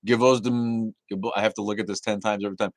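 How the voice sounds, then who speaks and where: Man, very low voice, dry close sound, laid-back, swears casually, streamer chatting with viewers. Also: fairly even intonation, fast, no room sound. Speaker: livestream host reading chat. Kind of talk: casual livestream chat.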